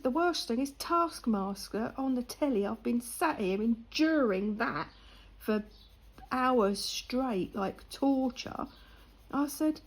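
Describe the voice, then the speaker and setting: A woman's voice: high-pitched, husky, poor audio. An older woman, chatting casually and laughing as she tells a story while colouring.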